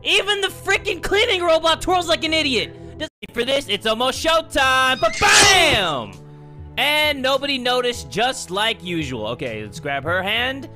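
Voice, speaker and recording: A man narrating his gameplay in a bright, ringing voice that swoops high and low as he reacts. He swears freely and keeps breaking into shouts and laughter, with faint music playing behind him. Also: lively intonation, normal speed, hardly any pauses. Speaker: gaming YouTuber. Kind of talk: excitable let's-play commentary.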